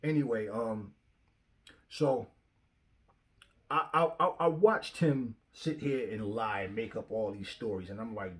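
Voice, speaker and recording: A man's voice: on the low side, unhurried. A young man hosting his own channel, ranting to camera with a confrontational, profane delivery and frequent repetition. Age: young adult. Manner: confrontational, profane, repeats himself. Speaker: channel host. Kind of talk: heated rant to camera. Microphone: phone facing him.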